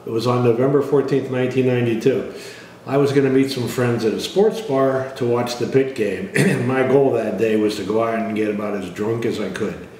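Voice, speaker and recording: Middle-aged man, plain-spoken testimony, clears throat a lot, very echoey room, a bit far from the mic. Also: mid-range voice, steady tone, a little fast, a little mellow. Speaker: father sharing a personal testimony. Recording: echoey room, voice from some distance, faint noise.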